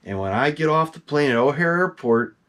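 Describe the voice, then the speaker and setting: A middle-aged man, a collector, telling a long story about his masks in casual, excitable talk. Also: fairly high pitch, brisk. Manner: animated, excitable, swears casually.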